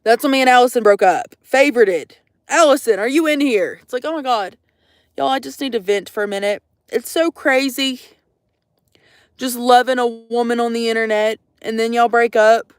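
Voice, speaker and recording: A woman's voice: a little high, normal speed, no echo, studio quality. A young woman rambling to her livestream viewers in a jokey, profane, casual chat from out in the woods. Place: outdoors in the woods.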